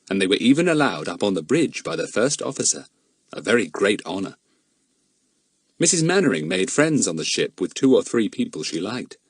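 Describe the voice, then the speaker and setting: A man's voice: lowish voice, husky, dry recording, clean studio sound. A man reading a children's adventure audiobook aloud as narrator. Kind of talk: scripted narration.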